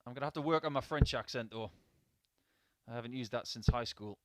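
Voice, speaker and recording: A man's voice: medium pitch, brisk, a bit bright. A man giving live darts commentary in a chatty, upbeat way with small personal asides.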